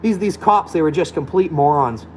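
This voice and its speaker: A man's voice: on the high side, normal speed, a little mellow, slight background noise, poor audio. A man ranting bluntly and combatively, swearing freely in a loose, profane monologue. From Alberta, Canada. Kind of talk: profane rant.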